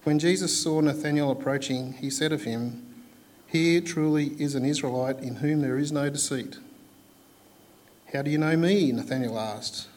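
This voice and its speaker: A man reading a Bible passage aloud in a formal, measured way with careful phrasing. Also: on the high side, darkish tone, rough recording. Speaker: scripture reader.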